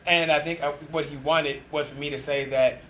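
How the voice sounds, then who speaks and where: A man with a slightly high voice tells stories from his work leading a restaurant team in a relaxed conversation. He acts out what people said with animated energy. A faint noise sits under the recording. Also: moderate pace, lo-fi sound. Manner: animated storyteller, acts out quoted exchanges. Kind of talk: casual conversation.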